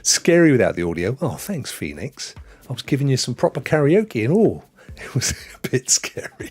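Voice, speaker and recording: Lively man hosting a stream. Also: fairly high pitch, moderate pace, slightly rough. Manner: joking, rambling, chatty with viewers. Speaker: gaming show host. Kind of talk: live-stream chat.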